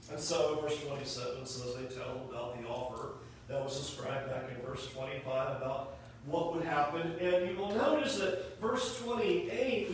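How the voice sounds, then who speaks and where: A male preacher giving a sermon in a church sanctuary. He tells the story in an animated way and acts out the quoted lines. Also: high-pitched, slight background noise. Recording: echoey hall, mic from a distance.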